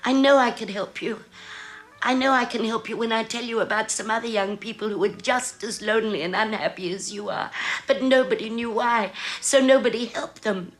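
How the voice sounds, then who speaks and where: An actress playing a frail, elderly woman who speaks in a slow, measured, quietly insistent way in a film drama. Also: fairly high pitch, lightly acted. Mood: gentle urging. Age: older. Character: frail old woman, gentle and determined. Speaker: caller to a radio show.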